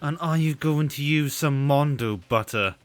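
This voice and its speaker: A man's voice: a little high, unhurried, soft background music. A man streaming a game, chatting casually and reading the story narration aloud with mock drama. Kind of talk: casual gaming stream commentary.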